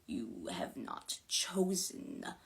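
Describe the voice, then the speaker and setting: A woman voicing a cold, sinister spirit from the underworld that possesses people, speaking slowly in a low whisper. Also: big pitch swings, heavily acted. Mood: menacing.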